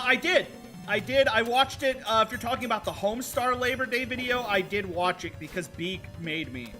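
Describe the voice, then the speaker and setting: A man streaming a retro video game, rambling casually to himself and his viewers as he plays. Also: sits high. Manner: rambling, self-talking while playing, chatting with viewers. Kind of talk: casual gameplay commentary.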